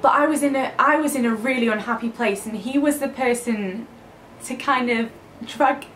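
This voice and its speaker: A woman's voice: fairly high pitch, moderate pace, a bit bright, roomy sound, slight background noise. A young woman talking openly and a little hesitantly in a casual confessional vlog. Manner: open, emotional, hesitant. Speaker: vlogger.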